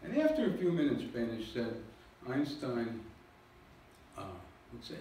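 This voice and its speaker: A man's voice: medium pitch, sing-song, a little slow, dark tone, a little hiss or hum. Echoey man lecturing from afar. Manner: jokey, self-deprecating, explains with slides. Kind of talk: public lecture. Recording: echoey hall recording from far off.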